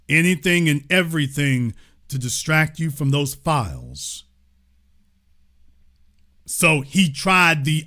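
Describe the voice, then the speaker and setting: A middle-aged man hosting impassioned political commentary, preaching and rising to near-shouts, mocking the people he quotes. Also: on the high side, very animated, slow pace, pauses often.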